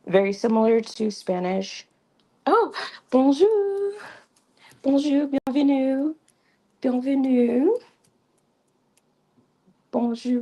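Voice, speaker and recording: A woman's voice: mid-range voice, gravelly, a little mellow, husky, poor audio. A woman hosting a casual livestream lesson, chatty and repetitive with many ums and restarts, on a slightly fuzzy mic. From Creole. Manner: chatty, repeats phrases, frequent ums and restarts. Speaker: livestream host teaching basic French. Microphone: new mic with a fuzzy sound.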